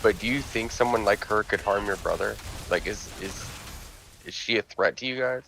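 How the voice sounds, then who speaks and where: A man's voice: on the low side, moderate pace, gravelly, background noise. A man playing a tabletop game, talking his character's moves through in hesitant, filler-heavy speech. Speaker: player. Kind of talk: casual chat at a game table.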